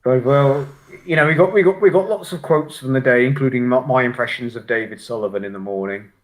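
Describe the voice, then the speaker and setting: A man co-hosting a football watchalong. He talks in an animated, sweary way and repeats words as he starts his sentences. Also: medium pitch, a little fast. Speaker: fan co-host of a match watchalong. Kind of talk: casual football chat.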